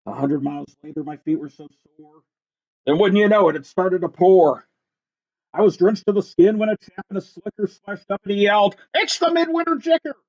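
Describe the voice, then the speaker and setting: High-voiced man reading rhymes aloud. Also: normal speed. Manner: lively sing-song rhythmic delivery. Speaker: reader. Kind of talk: reading a rhyming picture book aloud. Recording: dull lo-fi recording.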